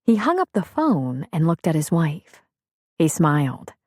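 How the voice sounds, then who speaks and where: A woman narrating an audiobook in an even, measured storytelling manner. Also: low-pitched, no room sound. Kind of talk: scripted narration.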